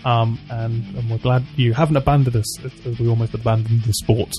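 A man co-hosting a podcast in casual chat, bantering quickly and jokingly. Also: medium pitch, fairly even intonation, mellow, faint music behind. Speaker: podcast co-host.

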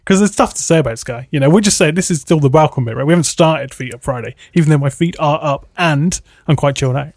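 Chatty man, slightly high voice. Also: fast talker, few pauses, darkish tone, no room sound, studio quality. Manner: chatty, rambling, easily laughing. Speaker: podcast co-host. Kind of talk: casual live show chat. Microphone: studio mic at a mixing desk.

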